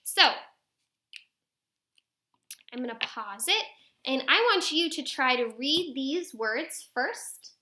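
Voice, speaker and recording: A woman teaching a phonics lesson to young children on video, sounding out letters slowly and asking coaxing questions. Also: high-pitched, animated, sharp tone. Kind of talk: early-grade phonics lesson to camera.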